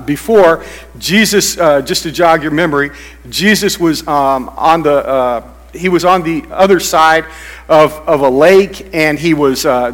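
A man's voice: a little high, fairly bright tone, big-room sound. A man preaching a sermon, teaching in a conversational way with frequent fillers and restarts. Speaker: pastor.

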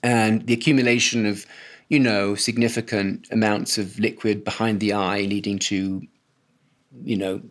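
A man's voice: fairly low pitch, flat delivery, normal speed. Wry man with English accent. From born in Hawaii, raised in Portugal and England. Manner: wry, self-deprecating, hesitant restarts. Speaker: guest. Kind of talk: casual podcast chat.

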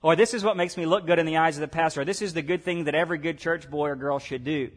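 A man's voice: fairly high pitch, steady tone, quick pace. A man preaching a sermon, acting out voices of God and the believers as he tells the story. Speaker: pastor.

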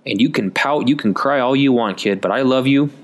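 A man's voice: mid-range voice, fairly quick, natural voice. A man voicing a stern but loving fatherly God who speaks firmly and patiently to a pouting child. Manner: firm, patient, reassuring.

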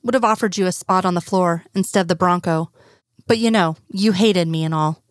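Lady doing a laid back hurt guy, soft murmury, dry close audio. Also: a little fast, no room sound, close to an everyday voice. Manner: low-key, murmured replies.

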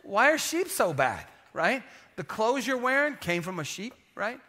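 A male pastor preaching with lively, joking energy, the voice pitched high and bright. He calls for responses from the room and now and then sinks to a near-hush for emphasis. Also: a little slow. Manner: animated, call-and-response preaching with humor. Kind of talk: sermon.

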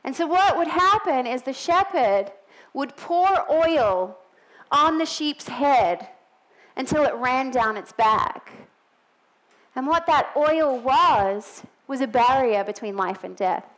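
A woman's voice: high voice, lively intonation, takes it slowly, a bit bright, poor audio. A middle-aged woman with a non-American English accent, preaching a sermon in a church in a chatty way with joking asides.

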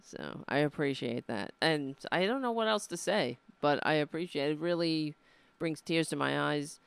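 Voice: medium pitch, moderate pace, gravelly, smooth, dry recording. A livestream show host talking casually and earnestly, emotional and rambling, with frequent restarts.

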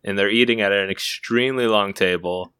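A man's voice: fairly low pitch, fairly even intonation, brisk, sharp tone, clean tone, no room sound. A man on a comedy podcast, casually spinning an improvised story and often laughing as he talks. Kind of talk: casual chat.

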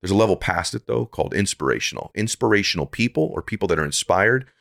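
A man's voice: deep voice, expressive, fast, creaky, fairly bright tone. A middle-aged man speaking as a podcast guest, giving earnest, preachy motivational talk that builds to emphatic peaks.

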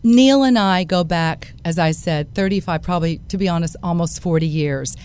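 Frank, lower-voiced Texan woman guest. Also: normal speed, darkish tone, clear, resonant tone. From Harlingen, Texas. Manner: frank and laughing. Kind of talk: casual conversation.

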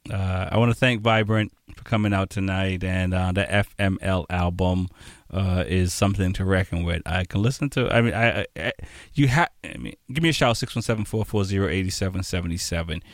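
A man hosting a poetry radio show, talking casually and haltingly. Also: low-pitched, no room sound, studio quality. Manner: halting, with fillers and restarts. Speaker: radio host. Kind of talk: casual radio host chat.

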